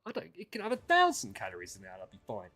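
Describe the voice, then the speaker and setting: A man streaming casual chat with viewers, ranting and swearing, dropping to mutters and then rising to loud outbursts. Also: mid-range voice, wildly swooping pitch, racing, faint music behind.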